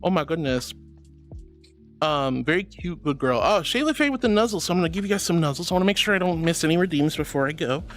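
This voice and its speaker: A man's voice: a little high, expressive, quick pace, a bit bright. A man streaming as a VTuber, reading chat messages aloud and answering viewers affectionately, calling them sweetie and honey. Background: faint background music.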